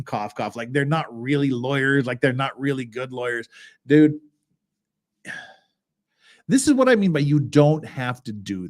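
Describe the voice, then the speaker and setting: A man's voice: mid-range voice, darkish tone. A man, a lawyer, giving casual reaction commentary as he reads a blog aloud, talking conversationally with exasperated asides.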